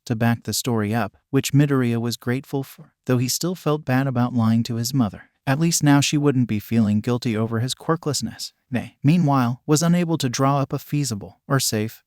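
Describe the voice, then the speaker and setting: A man narrating a fan-fiction story as a steady audiobook reading. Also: mid-range voice, no echo, clean studio sound.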